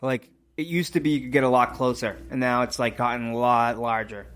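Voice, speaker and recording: A man's voice: medium pitch, steady tone, a little fast, a bit bright. A man co-hosting a podcast, explaining things in casual chat with many fillers. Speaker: podcast co-host.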